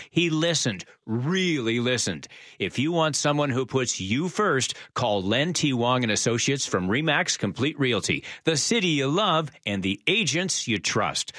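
Lively-voiced man reading a testimonial ad. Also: mid-range voice, no echo, studio quality. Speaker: radio announcer reading an ad. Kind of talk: scripted testimonial ad read.

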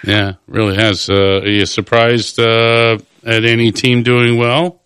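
A man's voice: mid-range voice, little pitch movement, measured pace, fairly bright tone, clean tone, no room sound. A man hosting a radio show, asking guests questions in a chatty, upbeat way. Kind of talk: casual radio chat.

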